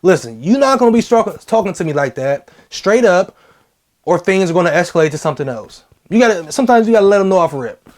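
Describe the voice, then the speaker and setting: A man's voice: high voice, sing-song, fast talker. A young adult man giving blunt, slangy advice in a casual vlog, repeating key phrases for emphasis.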